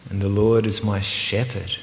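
A man preaching a sermon, earnest and emphatic, sometimes slowing to a hushed, meditative repetition. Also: on the low side, flat delivery, creaky, slight background noise. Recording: roomy hall with long reverb.

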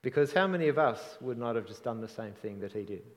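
A man preaching a sermon in an earnest, reflective way, often trailing off softly at the ends of phrases. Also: mid-range voice, expressive, fast talker, big-room sound.

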